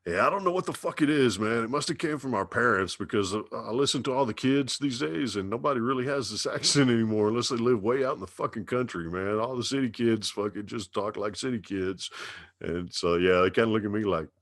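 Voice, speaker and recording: A man in his fifties with a Dallas Texas drawl, telling stories slowly and swearing freely as a guest on a casual podcast. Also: medium pitch, a bit bright, no room sound, clean studio sound. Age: 50s. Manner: slow drawling storyteller, heavy swearing. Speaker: radio DJ guest.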